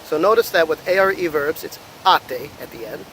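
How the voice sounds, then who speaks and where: American man teaching Italian verbs slowly. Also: fairly high pitch, expressive, fairly bright tone, slight background noise, poor audio. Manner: slow, careful modeling of Italian words. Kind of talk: language lesson.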